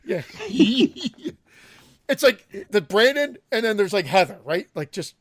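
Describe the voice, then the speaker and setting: Canadian podcast co-host, wry teasing, lively swings in pitch, very dry close sound. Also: male voice, slow pace, husky, no room sound. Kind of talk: casual chat.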